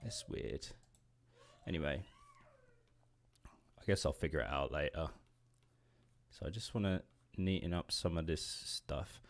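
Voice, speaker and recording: Drawing on his livestream, a late-twenties English indie game dev rambles in a rumbling low voice with lively intonation. He takes his time, pauses often, gets sidetracked easily, laughs frequently and swears in a casual way.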